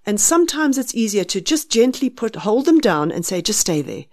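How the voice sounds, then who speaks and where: A woman with a South African accent explaining children's sleep firmly and practically, sometimes dropping to a hush. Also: a little high, very animated, moderate pace. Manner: explains firmly, acts out soothing a baby in a hushed voice. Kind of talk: advice on a podcast.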